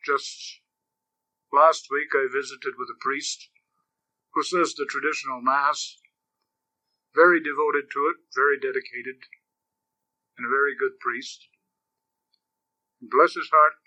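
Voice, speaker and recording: A man preaching a sermon as a priest, grave and slow at times, lively and animated when he tells stories. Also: mid-range voice, no echo, poor audio.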